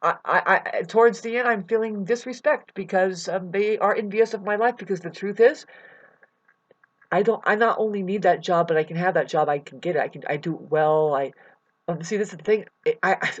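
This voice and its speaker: A woman vlogging about a hard time, rambling and halting, often repeating words, close to tears. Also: medium pitch. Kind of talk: emotional personal vlog. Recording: dull lo-fi recording.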